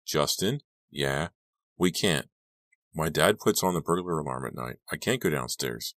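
A man's voice: rumbling low, animated, measured pace, fairly bright tone, no echo, clean studio sound, exaggerated voice. A man voicing a worried teenage girl in an audiobook, with startled, questioning lines. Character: anxious teenage girl narrator-heroine.

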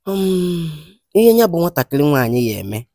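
A man playing a stern spiritual consultant who talks in grave, measured proverbs in a comedy skit. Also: on the high side, sing-song, vocal fry, dark tone, no room sound, clean studio sound, exaggerated voice.

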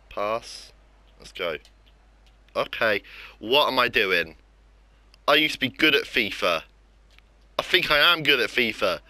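Bright, animated young Englishman ranting over gameplay. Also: medium pitch, dry recording. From England. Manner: frustrated, self-mocking ranting. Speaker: gaming YouTuber. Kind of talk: live gameplay commentary.

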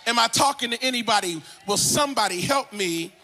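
High, bright-voiced man preaching. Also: expressive, faint music behind. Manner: preaching with a singsong cadence, rising to shouts; slow, low, deliberate teaching. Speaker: pastor. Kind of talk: sermon. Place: church.

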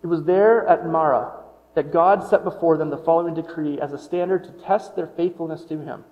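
Man, middle-aged pastor, casual conversational sermon, slightly high voice, long hall echo, dull muffled sound. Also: fairly even intonation, brisk. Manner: conversational, self-correcting, wonders aloud.

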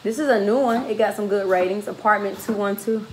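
A woman chatting casually and telling animated stories, laughing often. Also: medium pitch, brisk, background noise. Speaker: vlogger. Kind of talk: casual chat.

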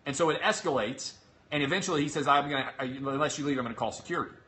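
A man in his thirties hosts his own show and recounts a story with sharp, forceful energy. His voice sits a little high, and he lands each point with sarcastic disbelief. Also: fast talker. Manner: exasperated, sarcastic retelling with acted-out quotes. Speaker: show host. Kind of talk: animated storytelling monologue.

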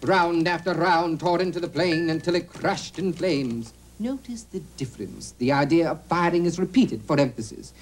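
An actor playing a pompous aristocratic lord and boastful war hero, narrating and declaiming in a 1970s educational TV sketch. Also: male voice, fairly high pitch, big pitch swings, a little fast, hardly any pauses, darkish tone, slight background noise, poor audio.

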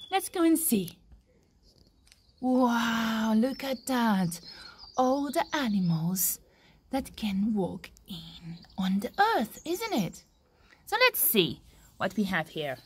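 Slow, lively woman telling a children's story. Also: on the high side, slightly rough. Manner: animated, gasping, exclaiming, asking the listener questions.

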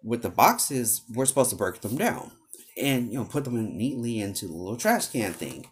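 Young male vlogger, casual rant, exasperated and rambling, pitch swinging up and down a lot. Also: very animated, normal speed, husky. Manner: exasperated, rambling, heavy use of filler words.

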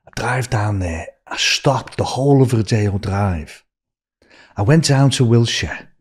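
An older man with a Liverpool accent, telling rambling, animated anecdotes as a podcast guest. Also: on the low side, unhurried, breathy edge. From Liverpool, England. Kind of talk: casual storytelling.

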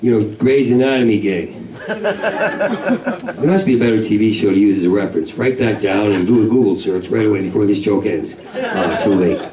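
A man's voice: fairly low pitch, animated, moderate pace. Male stand-up, manic and profane, roomy, distant club sound with a big laughing crowd. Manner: manic, rambling, profane, jumps into shouted voices. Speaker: stand-up comedian. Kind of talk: stand-up comedy set. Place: comedy club main room. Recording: echoey club recording from far off with crowd. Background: audience laughter.

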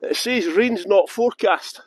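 A man's voice: sits high, a little slow, slightly rough, dry recording. A Scottish man giving a live-streamed tour outdoors on a windy hilltop, chatting with viewers and laughing often. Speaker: tour guide. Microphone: good external microphone.

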